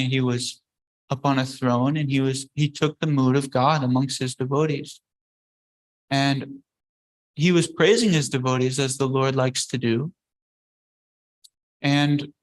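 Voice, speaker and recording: Guy teaching a scripture class, chatty halting storytelling, middle pitch. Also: fairly bright tone, poor audio. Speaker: religious teacher.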